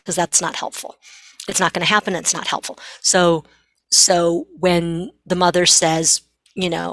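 A woman's voice: fairly low pitch, a bit bright, dry recording. A middle-aged woman psychiatrist, a guest, explaining earnestly and acting out bits of dialogue. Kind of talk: explanatory interview talk.

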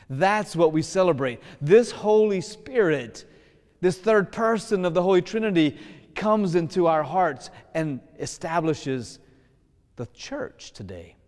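High-voiced priest preaching in a reverberant church. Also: male voice. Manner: lively, casual preaching that slows for emphasis. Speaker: Catholic priest. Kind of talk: sermon.

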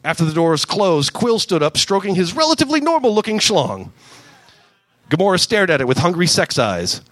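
A man doing a deadpan comic reading of a crude story at a live show. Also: sits high, normal speed, no room sound. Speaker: comedian reading fan fiction. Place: live comedy venue.

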